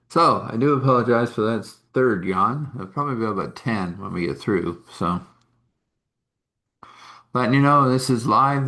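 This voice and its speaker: Speaking in a mid-range, slightly bright voice, this man runs a live session of meditation talk and storytelling as a spiritual healer. He wanders from point to point conversationally, laughing now and then and saying sorry for his yawns.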